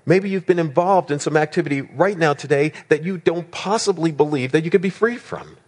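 A man's voice: fairly high pitch, fairly quick, a little mellow. Emphatic male preacher with rhetorical questions. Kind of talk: sermon.

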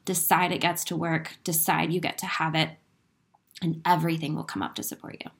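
A woman's voice: sits low, little pitch movement, brisk, gravelly. Emotional woman giving a spiritual pep talk. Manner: earnest and spiritual, swearing freely, laughing through tears. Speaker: inspirational speaker. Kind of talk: emotional motivational talk to camera.

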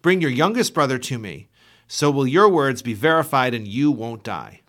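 A man's voice: mid-range voice, animated, moderate pace, a bit bright, close to an everyday voice. A man reading as a stern Egyptian governor. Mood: firm. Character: stern male Egyptian governor testing strangers.

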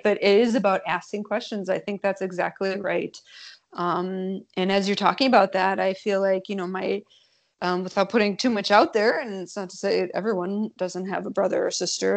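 A woman's voice: medium pitch, creaky. A woman in casual podcast conversation, speaking candidly and hesitantly, with many ums and restarts.

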